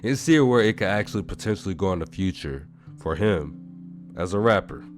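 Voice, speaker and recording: A man with a very deep voice gives reaction commentary, breaking down clips and mocking what was said. Guitar music plays clearly behind him. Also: animated, normal speed. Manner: breaks down clips, mocks quotes. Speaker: commentary youtuber. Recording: loud background music.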